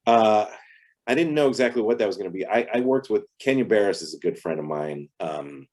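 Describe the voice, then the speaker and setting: Low, husky man telling anecdotes. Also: brisk. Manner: chatty, animated anecdotes with voiced quotes. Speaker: actor guest. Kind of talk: casual interview storytelling.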